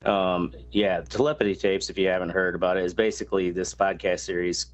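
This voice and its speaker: A man's voice: low-pitched, fairly even intonation, brisk. A man hosting a casual podcast chat, explaining a topic at length with many fillers and crude asides. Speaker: podcast host.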